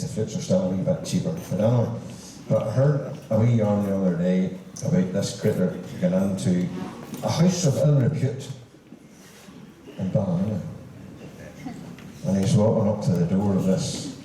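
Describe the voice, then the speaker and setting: An older man telling stand-up jokes at a concert, switching voices for each character. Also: background noise. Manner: animated, swings pitch for each character in the joke. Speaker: comic storyteller at a band concert. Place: large hall at a concert, live audience. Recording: echoey hall from far off.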